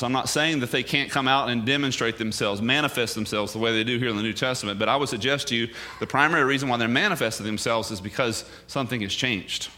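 Male pastor preaching a sermon, bright and sharp tone, emphatic with rhetorical questions. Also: medium pitch.

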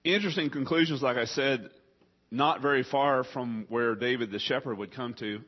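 Husky preacher with a cough. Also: male voice, medium pitch, normal speed, muffled recording. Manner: coughing, choked up. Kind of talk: sermon.

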